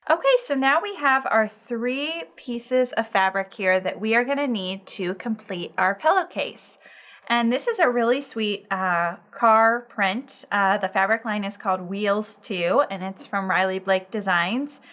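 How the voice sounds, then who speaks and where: A woman's voice: mid-range voice, a little slow, a bit bright. Upbeat woman hosting a sewing lesson. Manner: upbeat, chatty, encouraging. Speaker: sewing instructor and show host. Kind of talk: friendly sewing tutorial.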